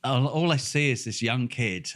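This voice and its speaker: A man's voice: medium pitch, normal speed. An older man with a Norfolk accent, co-hosting a casual chat and telling a long anecdote, swearing freely and laughing as he acts out the voices of people in the story. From England. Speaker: podcast co-host.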